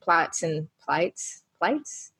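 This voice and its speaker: A woman's voice: low voice, very animated, extremely slow, fairly bright tone, husky. Upbeat woman chatting on a panel. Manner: upbeat, enthusiastic, casual. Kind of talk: casual roundtable chat.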